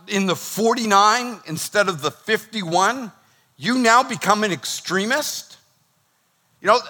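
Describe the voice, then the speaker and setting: Male pastor, middle-aged, sermon delivery, high-pitched, bright and forceful tone, animated. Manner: animated, acts out quoted voices.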